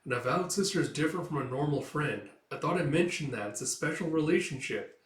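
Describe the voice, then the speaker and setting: A man's voice: a little high, expressive, a little fast, natural voice. A man reading the lines of a bossy, proper female servant from a comic, matter-of-fact and lecturing, in a roomy recording from a distant mic.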